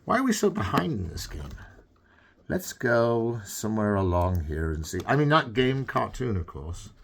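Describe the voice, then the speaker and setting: A man's voice: on the low side, very animated, normal speed, creaky, husky. A man doing jokey, self-interrupting comedy commentary over gameplay.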